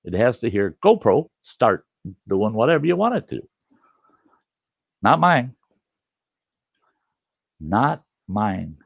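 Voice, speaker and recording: An older man telling a funny camping story in a casual, animated way, acting out his shouting at a stubborn camera. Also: on the low side, slow, creaky, long pauses, husky, dry recording. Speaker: storyteller host. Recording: dull, slightly lo-fi and dry.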